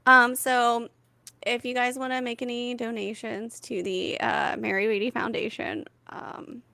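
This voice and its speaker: Animated woman telling stories on a podcast. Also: on the high side, a little slow, gravelly, no echo. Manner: animated storytelling with fillers. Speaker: podcast co-host. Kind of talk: casual comedic chat.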